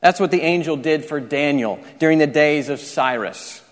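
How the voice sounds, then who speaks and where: A man's voice: fairly high pitch, moderate pace. A man preaching a sermon, explaining scripture step by step and often restarting his sentences. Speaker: pastor. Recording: reverberant large hall.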